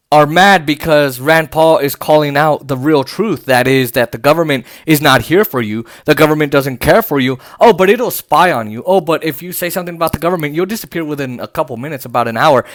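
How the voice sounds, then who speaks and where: A man's voice: a little high, no echo, clean studio sound. Sarcastic man ranting on a podcast. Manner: sarcastic, indignant, reads tweets aloud with many fillers. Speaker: podcast host. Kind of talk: political commentary podcast. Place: home.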